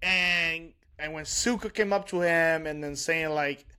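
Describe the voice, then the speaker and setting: A man co-hosting a podcast, chatting casually and excitedly, rambling with restarts and laughs. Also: on the high side, measured pace, clear, resonant tone. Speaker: podcast co-host. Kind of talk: casual chat.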